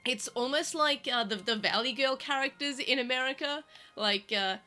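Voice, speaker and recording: Bright-voiced chatty Australian woman. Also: high voice, normal speed, faint music behind. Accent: Australian, South Australian vowels, living in Melbourne. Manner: chatty and rambling, many fillers and restarts. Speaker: podcast co-host. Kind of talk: casual chat.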